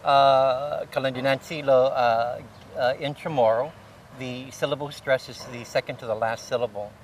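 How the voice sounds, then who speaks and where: A man teaching Chamorro pronunciation, explaining patiently with frequent pauses and fillers. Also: medium pitch, steady tone, distant mic, slight background noise, poor audio. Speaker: Chamorro language instructor. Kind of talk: conversational language lesson.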